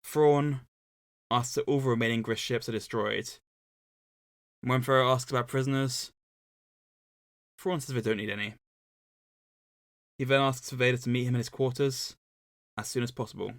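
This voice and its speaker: Summarizing a novel on a casual book-club podcast, this co-host speaks at normal speed in a steady, medium-pitched voice, often pausing. Dry jokes punctuate his plot recap, recorded close and dry without any room echo.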